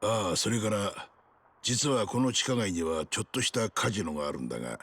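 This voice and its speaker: Gruff yakuza dude in a game, super deep gravelly voice. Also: male voice, animated, racing, a bit bright, exaggerated voice. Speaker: video game character. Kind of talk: game voice acting.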